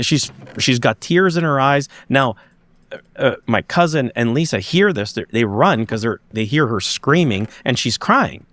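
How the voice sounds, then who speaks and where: A man tells a story on a podcast in a middle-pitched, animated voice. He keeps acting out what other people said and often restarts his sentences. The sound is dry and close to the mic. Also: normal speed, no room sound. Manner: animated, acts out dialogue, frequent restarts. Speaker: podcast guest. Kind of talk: conversational storytelling.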